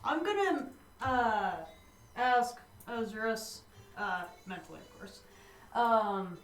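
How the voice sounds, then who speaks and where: A woman's voice: a little high, animated, takes it slowly. A woman playing a tabletop game, giggly and hesitant, with many fillers. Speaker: player. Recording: roomy, distant mic, faint music.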